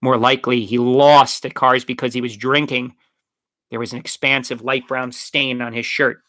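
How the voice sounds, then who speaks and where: A man reading a children's novel aloud with expressive storytelling. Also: medium pitch, normal speed, dry recording, studio quality. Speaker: narrator. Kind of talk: audiobook reading.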